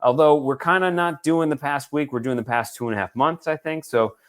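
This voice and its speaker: A man's voice: on the high side, brisk, a bit bright. Rambling, jokey male podcast host. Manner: rambling, jokey, swears freely. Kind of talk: casual chat.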